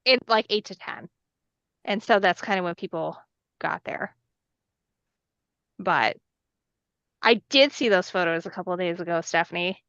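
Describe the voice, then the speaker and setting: A woman's voice: lowish voice, normal speed, long pauses, a bit bright, no echo. Chatty woman on a muffled lo-fi line, dry sound, lots of "like". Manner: chatty, many fillers and "like". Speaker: guest. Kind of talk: casual chat.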